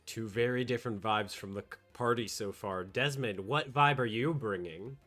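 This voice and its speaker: A man's voice: fairly low pitch, normal speed, a bit bright, soft background music. A man narrating as game master, describing scenes in a playful, descriptive way.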